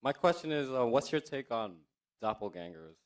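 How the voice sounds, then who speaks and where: A man's voice: mid-range voice, animated, moderate pace. A man in the audience asking a question, hesitant and tentative, often trailing off.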